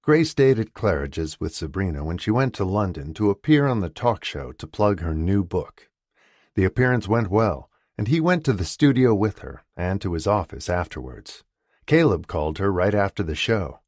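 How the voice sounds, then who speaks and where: A man narrating an audiobook romance in scripted narration, expressive and shifting voices for characters. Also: sits low, moderate pace, dry recording, clean studio sound. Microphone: close studio mic.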